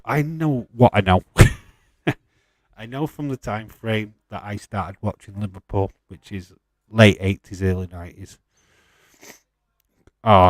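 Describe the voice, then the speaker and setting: Low-voiced, chatty male streamer. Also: darkish tone, no echo. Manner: chatty and jokey, laughs often, swears casually. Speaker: streamer hosting a wrestling watch-along. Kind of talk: casual live-stream chat, reading viewer questions.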